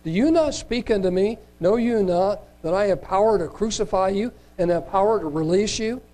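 A man's voice: high-pitched, moderate pace, warm tone, voice pushed up, close to an everyday voice. A man reading the part of Pilate, a troubled Roman governor questioning a prisoner, in a raised, insistent voice. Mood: indignant.

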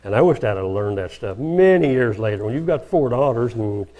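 An older man delivers a homespun sermon at a middle pitch. He talks casually and jumps into bits of acted-out conversation. His delivery stays plain and easygoing, like a preacher talking to his congregation. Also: expressive, a little fast, highs cut off. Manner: folksy and conversational, acting out quoted dialogue.

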